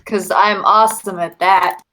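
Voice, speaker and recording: A woman's voice: medium pitch, steady tone, unhurried, bright, forceful tone, a little hiss or hum, poor audio. A woman playing a tabletop game, asking questions in a playful, sarcastic way. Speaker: player. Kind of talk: tabletop role-play chat.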